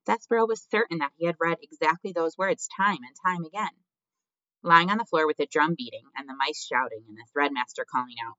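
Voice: mid-range voice, brisk, pushed and bright, dry recording. A narrator reading a storybook aloud expressively, speaking directly to the reader. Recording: dull lo-fi dry recording.

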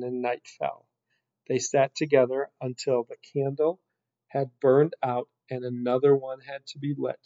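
Slow, unhurried man reading a storybook. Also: mid-range voice, warm tone, dry recording. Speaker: story reader. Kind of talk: reading a children's book aloud. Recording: dull lo-fi recording.

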